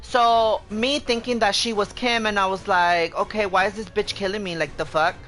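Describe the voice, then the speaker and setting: A woman's voice: mid-range voice, fairly even intonation, a bit bright. Streamer woman, casual storytelling, swears constantly, faint music underneath. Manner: profane, heated retelling of an argument; fast, repetitive quoting with "I'm like". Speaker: game streamer.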